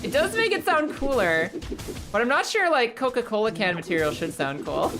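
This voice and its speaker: A young woman chatting casually on a live stream, playful, swearing freely and tripping over tongue twisters. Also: on the high side. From United States. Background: music.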